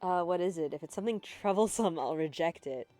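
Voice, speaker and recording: A grumpy young gun boy from a game speaks in a low, plain register. His lines come out flat and matter-of-fact, with a faint bed of music behind, as a woman reads him aloud. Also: a little fast, close to an everyday voice. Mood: grumbling.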